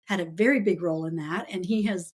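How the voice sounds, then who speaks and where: A woman's voice: fairly low pitch, fast talker, husky. A woman author as a podcast guest, telling stories with enthusiasm and frequent laughter in casual chat. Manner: enthusiastic storytelling, laughs often.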